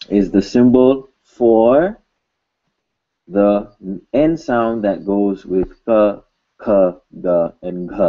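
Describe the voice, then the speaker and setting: A man teaching a video lesson in a slow, unhurried way, with a lowish voice. He repeats words patiently and slips in dry jokes. The sound is a little dull and lo-fi. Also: warm tone. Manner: patient, joking asides, repeats words slowly. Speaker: language teacher.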